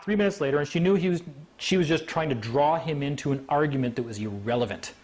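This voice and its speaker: Animated man telling a story to an audience. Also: fairly high pitch, quick pace. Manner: animated, acts out quoted voices.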